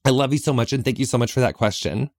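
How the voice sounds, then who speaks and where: Man, podcast host, earnest and reflective, mid-pitched voice, dry close sound. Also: quick pace, darkish tone, no echo. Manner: earnest, reflective, often says "like". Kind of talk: heartfelt solo podcast talk. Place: small closet.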